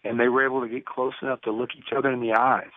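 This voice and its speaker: A man's voice: medium pitch, flat delivery, very fast, no room sound. A man in his fifties, a guest in an interview, telling stories earnestly and acting out the dialogue. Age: 50s. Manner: earnest storyteller, acts out dialogue. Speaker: guest, prison ministry speaker. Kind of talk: conversational interview over the phone. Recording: tinny phone line.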